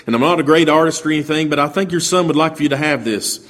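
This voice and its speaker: A man's voice: fairly high pitch, quick pace, fairly bright tone, lightly acted. A man playing a humble young soldier. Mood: earnest. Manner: modest, hesitant. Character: humble young male soldier, earnest and modest.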